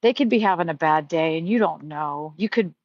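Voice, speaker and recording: A woman's voice: low voice, fairly quick, dry recording. A middle-aged woman telling stories in a casual live stream, chatty and heartfelt with many fillers. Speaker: livestream host. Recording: dry, slightly muffled stream audio.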